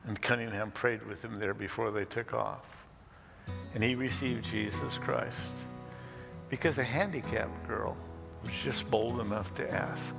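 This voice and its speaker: A man's voice: on the low side, measured pace, vocal fry, music in the background. A pastor telling a story in a sermon, chuckling as he goes. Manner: lively storyteller who chuckles between lines. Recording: long hall reverb.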